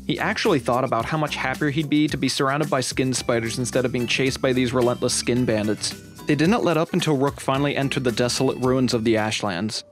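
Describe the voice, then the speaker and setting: An upbeat man narrates a game adventure like a dramatic tale, his voice sitting at an ordinary middle pitch. Faint music plays softly behind him. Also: brisk. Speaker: channel host and narrator. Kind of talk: storytelling narration of a game playthrough.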